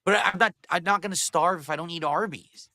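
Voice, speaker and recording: A man's voice: sits high, a little fast, sharp tone, dry recording, clean studio sound. A man talking casually as an interview guest in a defensive, dismissive way.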